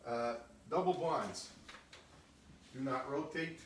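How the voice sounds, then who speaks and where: A man's voice: medium pitch, takes it slowly, slight background noise. A male chemistry teacher giving a casual recorded lesson. He explains step by step and often checks in with "okay?". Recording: echoey room, voice from a distance.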